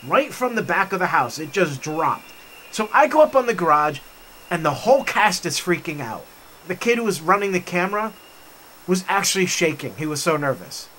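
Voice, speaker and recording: Bright, animated man telling stories. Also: sits high, moderate pace, slight background noise. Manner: animated, enthusiastic storyteller. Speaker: vlog host. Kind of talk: storytelling while hiking. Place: forest trail outdoors.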